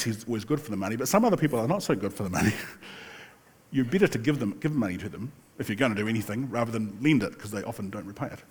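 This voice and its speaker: An older man delivers a sermon as if telling stories among friends, easygoing and conversational. His voice sits in an ordinary middle pitch, and he breaks off now and then for a laugh or an aside. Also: darkish tone, husky. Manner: chatty storytelling with laughs and asides. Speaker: pastor.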